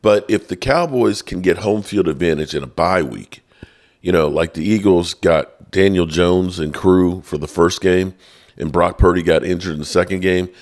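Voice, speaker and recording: Deep-voiced man hosting a sports show. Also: normal speed. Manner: animated, chatty, talks straight to viewers. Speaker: sports podcast host. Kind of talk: casual opinionated sports commentary.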